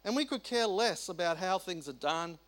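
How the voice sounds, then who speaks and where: A middle-aged Australian man preaching a sermon, animated and colloquial, firing off rhetorical questions. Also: high-pitched, moderate pace. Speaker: pastor.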